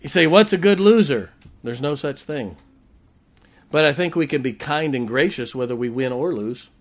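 A man's voice: mid-range voice, normal speed, a bit bright. A male pastor, preaching a sermon with rising, emphatic declarations and playful asides.

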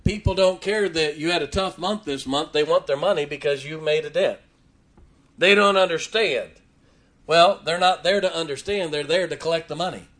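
Preacher guy, folksy n emphatic, kinda high voice, chuckles as he goes. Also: normal speed, fairly bright tone. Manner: folksy, emphatic, repeats key lines, laughs between points. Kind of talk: sermon. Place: church before a congregation.

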